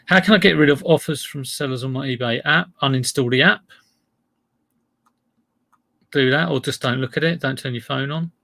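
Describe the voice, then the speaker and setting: A man hosting a casual live stream about his online resale listings, talking in a deadpan, joking way. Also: medium pitch, quick pace, vocal fry. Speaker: livestream host.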